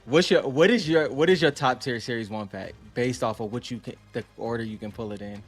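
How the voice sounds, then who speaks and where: Male co-host, middle pitch, relaxed slangy delivery aimed at the audience. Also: fairly quick, husky, faint music behind. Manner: easygoing, slangy, addresses viewers as y'all. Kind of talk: casual chat.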